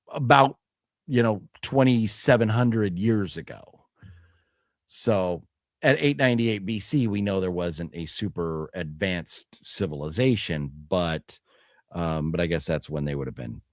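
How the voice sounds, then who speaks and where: A man hosting a live stream in a relaxed, easygoing way, reading out viewer comments between bits of chat. His voice sits a little low, and the recording is dry and close with no room sound. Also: slow, pauses often, dry recording. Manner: relaxed, laid-back, reads chat comments aloud. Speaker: host.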